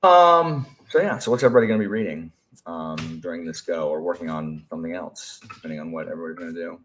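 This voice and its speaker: A young man talking casually to a live stream chat, rambling and animated, with many fillers and restarts. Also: low-pitched, quick pace, slight background noise. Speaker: teacher.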